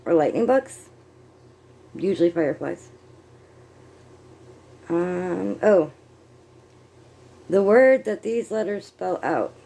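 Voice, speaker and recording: A woman's voice: fairly low pitch, expressive, takes it slowly, gravelly, long pauses, mellow. A middle-aged woman from the United States chatting casually on her vlog, rambling and self-amused while she crochets and glances at her notes. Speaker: vlogger. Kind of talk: casual chat.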